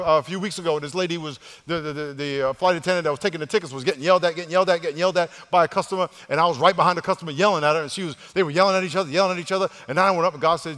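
A man with a fairly high voice preaches a sermon to his congregation, calling on them to repeat words back to him. He shifts between loud exhortation and quiet, hushed lines, repeating himself as he restarts. His voice rings through a church hall with a long reverb tail. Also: fairly even intonation, racing, hardly any pauses. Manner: call-and-response, leads the congregation to repeat words. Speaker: pastor.

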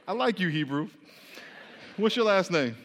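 A man preaching a lively, interactive sermon, playfully teasing the congregation and leading them in repeat-after-me chants. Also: high voice, unhurried, slight background noise. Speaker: pastor. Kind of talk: interactive sermon with call-and-response. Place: church hall. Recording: long hall reverb.

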